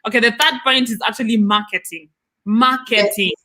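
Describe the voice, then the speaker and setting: Woman, bright tense voice, emphatic, repeats points, business advice. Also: on the high side, fairly even intonation, moderate pace. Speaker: co-host, business adviser. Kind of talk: casual business chat.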